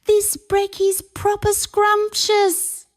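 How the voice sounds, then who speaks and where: A woman voicing a cheerful, busy mother of young kids who speaks in bright exclamations. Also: very high voice, completely flat delivery, drawn-out words, voice pushed up, exaggerated voice. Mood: cheery.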